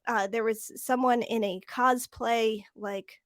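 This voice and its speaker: A chatty woman co-hosting a podcast, her voice sitting a bit high as she tells a story and acts out every exchange. The sound is dry and close, with no room around her. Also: fairly even intonation, slow pace, a bit bright, no echo. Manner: chatty storyteller acting out quoted dialogue. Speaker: podcast co-host. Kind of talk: casual chat.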